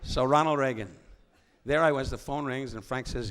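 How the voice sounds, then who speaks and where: An older comedian guest from New York rambles through wisecracking stories on stage before a live audience, often cutting himself off. His mid-range voice is a bit bright, and he keeps a moderate pace.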